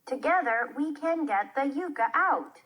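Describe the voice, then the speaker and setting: A woman's voice: high-pitched, animated, a little slow, fairly bright tone. A woman reading the part of a determined young girl who grows a plant, in a children's play.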